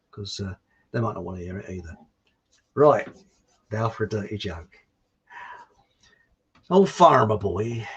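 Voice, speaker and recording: Gravelly, rambling host. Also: male voice, medium pitch, highs cut off. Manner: rambling, chatty, self-mocking. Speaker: livestream host. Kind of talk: casual chat and joke telling. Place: warm indoor room.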